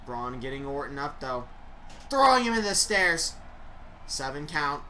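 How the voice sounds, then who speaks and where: A woman giving excitable play-by-play commentary on a wrestling video game she is playing. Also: deep voice, unhurried, a little hiss or hum, low-quality recording. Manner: excitable, reacting aloud. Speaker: gaming YouTuber.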